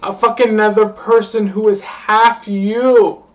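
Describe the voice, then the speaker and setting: A woman's voice: medium pitch, little pitch movement, unhurried. Drunk young woman rambling off-mic. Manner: slurring, profane, repeats a phrase over and over. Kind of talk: rambling late-night vlog rant. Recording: voice distant from the mic.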